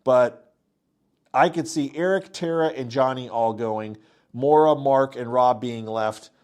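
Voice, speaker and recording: A man's voice: mid-range voice, a little slow, darkish tone. A middle-aged man casually recapping a reality TV episode, rambling with restarts and acting out what people said. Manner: rambling, many restarts and "um"s, acts out quotes.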